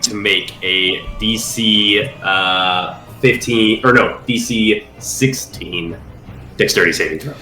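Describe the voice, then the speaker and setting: A man running a tabletop game over a call, getting over a cold, relaxed and working out the rules aloud. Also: fairly low pitch, slow pace, echoey room, soft background music, rough recording. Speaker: game master.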